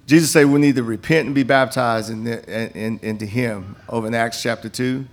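Briskly and with fairly even intonation, a medium-pitched older man speaks in a church sanctuary. He's a campus minister delivering an appeal and testimony to the congregation through folksy, frequently restarted stories.

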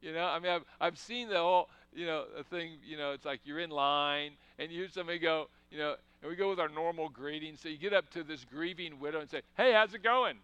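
A man's voice: fairly high pitch, steady tone, fast, hardly any pauses, fairly bright tone, smooth, dry recording, muffled recording. A man preaching a sermon in a conversational way, asking the congregation questions and breaking into emphatic bursts. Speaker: pastor.

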